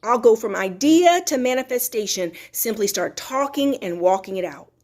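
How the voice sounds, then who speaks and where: A woman hosts a motivational live talk in a somewhat high voice. She is emphatic and preachy, repeating key phrases for effect and reading viewer comments aloud. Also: animated, moderate pace, a little mellow. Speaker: motivational host.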